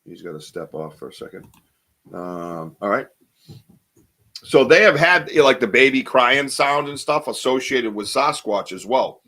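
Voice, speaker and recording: A man hosts a loose live podcast and reads listener comments out loud. His voice is bright and forceful, and he rambles with plenty of ums and half-started sentences. The delivery stays casual and chatty throughout. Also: mid-range voice, expressive, moderate pace. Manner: rambling, chatty, many fillers and restarts. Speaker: podcast host. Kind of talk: casual live-stream chat, reading viewer comments.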